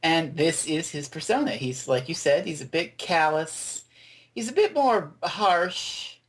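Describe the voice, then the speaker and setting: Podcast host, male, lively and chatty, restarts his sentences a lot. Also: on the high side, a little slow. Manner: animated, restarts often. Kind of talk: casual review chat.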